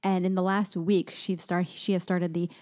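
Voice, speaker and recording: Chatty thirties woman on a podcast, animated storytelling, does little quote voices, kinda sleepy. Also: on the low side, moderate pace, background noise. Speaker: podcast co-host and mother. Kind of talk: casual chat.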